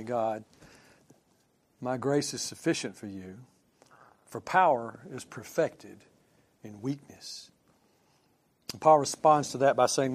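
Man, pastor, sermon, conversational, emphatic, fairly high voice. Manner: conversational preaching, asks the congregation questions; swings from quiet asides to emphatic points.

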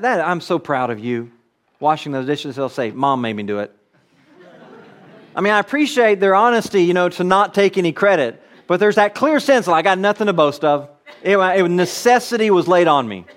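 A man preaching a conversational sermon, reading scripture aloud and explaining it. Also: high voice. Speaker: pastor.

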